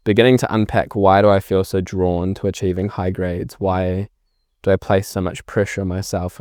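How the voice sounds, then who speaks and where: A man's voice: sits low, clear, resonant tone, dry recording, studio quality. A young man with a New Zealand accent, a filmmaker telling his story in a casual podcast interview, acting out past conversations. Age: young adult. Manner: animated storyteller acting out remembered exchanges. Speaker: filmmaker guest.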